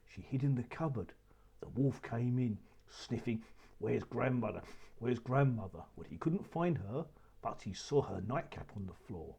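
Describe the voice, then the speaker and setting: A man narrating a children's story with an expressive, animated telling. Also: medium pitch, normal speed, breathy edge.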